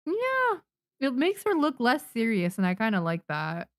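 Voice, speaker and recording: Lively Japanese-native woman streamer. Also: on the high side, no room sound, clean studio sound. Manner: chatty, excitable, quick to laugh. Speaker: manga artist streaming. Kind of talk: casual live-stream chat while drawing.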